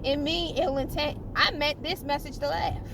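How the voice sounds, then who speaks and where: A woman preaching informally about her faith in a fervent, halting way, often repeating and restarting phrases and chuckling. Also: high voice, noisy background. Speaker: spiritual vlogger.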